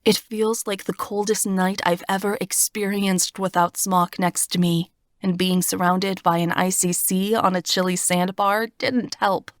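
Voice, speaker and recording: A woman's voice: mid-range voice, steady tone, a little slow, dry recording, clean studio sound. Woman narrating a fantasy audiobook.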